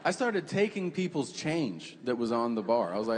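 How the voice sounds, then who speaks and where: Male comic on a club stage, swooping animated delivery, long reverb, stand-up set. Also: medium pitch, normal speed. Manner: animated storytelling, acts out quoted voices, profane. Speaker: stand-up comedian. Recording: reverberant club with faint room noise.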